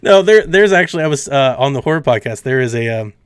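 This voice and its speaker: A man hosting a casual podcast, rambling and acting out his friends' lines in quick voices. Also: medium pitch, lively intonation. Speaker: podcast host.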